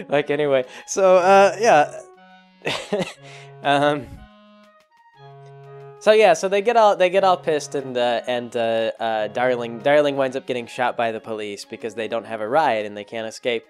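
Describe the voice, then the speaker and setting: A man casually recapping a film, rambling and joking as he corrects himself along the way. His voice sits at an ordinary mid pitch. Faint music plays underneath. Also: clean tone. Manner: rambling, jokey, full of fillers and self-corrections. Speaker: vlogger.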